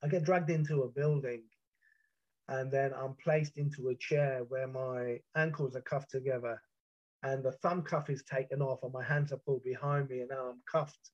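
A British man telling a first-person account of a past ordeal, intense and halting, with frequent restarts. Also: mid-range voice, steady tone. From Britain. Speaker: storyteller. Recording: muffled lo-fi recording.

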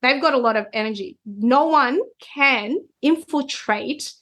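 Speaking unhurriedly in a high, fairly bright voice, a woman appears as a guest Human Design reader. She explains ideas conversationally and frequently adds "right?" to check in.

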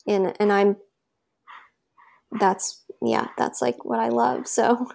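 Another interview guest, a woman with a medium-pitched, creaky and somewhat mellow voice, talks slowly but very animatedly. She shares a personal story in a loose, chatty style peppered with fillers.

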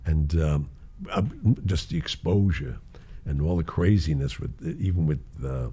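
A man's voice: a bass voice, a little slow, slightly rough. An older man casually telling show-business stories, acting out the voices in them and often laughing. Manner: animated storyteller who acts out quoted voices and laughs often. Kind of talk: casual anecdote.

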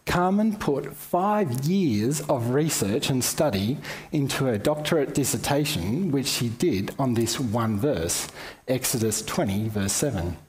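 A man's voice: mid-range voice, measured pace. Aussie guy doing a bible talk, voice goes up and down a lot, chatty. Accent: Australian. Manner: conversational, lively teaching with asides. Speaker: Bible teacher. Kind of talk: sermon-style Bible talk.

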